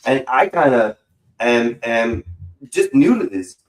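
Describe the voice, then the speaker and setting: A man's voice: medium pitch, expressive, slow pace, roomy sound, low-quality recording. A man hosting a live stream in casual chat, rambling and slangy, swearing freely and calling people bro. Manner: rambling, slangy and profane, says bro a lot. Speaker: streamer host.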